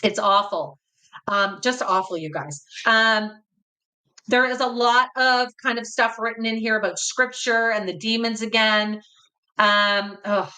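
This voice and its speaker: A woman's voice: on the high side, steady tone, measured pace, sharp tone, poor audio. A woman hosting a channel, reading journal excerpts aloud and adding somber, dismayed comments to her viewers. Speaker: host.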